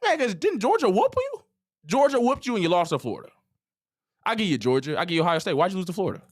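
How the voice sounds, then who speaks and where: A man's voice: high-pitched, big pitch swings, fast. A man co-hosting a sports talk show, ranting and mock-quoting others in casual slang. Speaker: podcast co-host.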